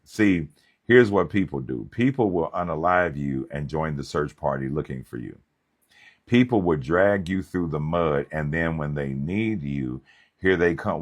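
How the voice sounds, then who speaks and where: A man with an extremely deep voice preaches a sermon as a pastor. His delivery is animated and humorous, and it swings between loud and hushed. He keeps a relaxed, storytelling feel. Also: a little slow. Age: young adult.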